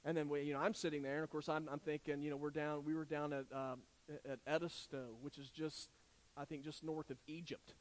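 Man, middle-aged, conversational preaching, earnest, a bit high-pitched. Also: flat delivery, brisk. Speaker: pastor. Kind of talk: sermon.

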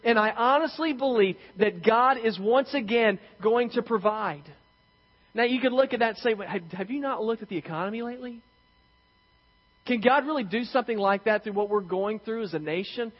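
A man preaching a sermon as pastor of his church, animated and acting out quotes. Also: high-pitched. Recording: reverberant hall, dull lo-fi sound.

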